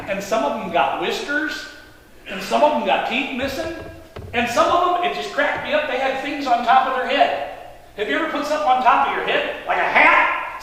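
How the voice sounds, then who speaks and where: Pastor playing a young man once blind. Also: very high voice. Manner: animated, laughing storyteller addressing the congregation. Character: young man healed of blindness, amazed and amused. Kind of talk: first-person dramatic monologue. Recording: echoey hall, voice from a distance.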